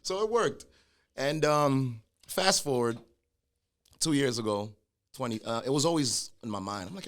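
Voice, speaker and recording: A middle-aged man, a guest telling his own story in a casual conversation, animated and acting out the voices of people he quotes. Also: medium pitch, moderate pace. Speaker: guest, clothing brand founder.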